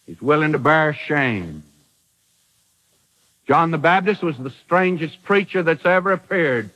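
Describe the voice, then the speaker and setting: Preacher guy on an old radio broadcast, high bright voice swinging all over the place. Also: expressive, unhurried, rough recording. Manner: emphatic, dramatic preaching with acted quotes. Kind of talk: sermon.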